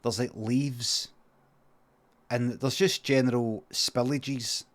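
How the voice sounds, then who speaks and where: A man's voice: mid-range voice, slow. Scottish man rambling through an improvised story. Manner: rambling, deadpan, full of asides. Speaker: comedian and streamer. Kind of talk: improvised comic storytelling on a livestream.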